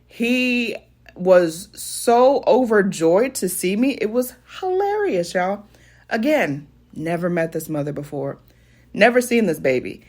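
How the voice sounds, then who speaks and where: A woman's voice: on the high side, very animated, measured pace. A young adult woman casually telling a funny personal story to her viewers, laughing often and calling them y'all. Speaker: vlogger.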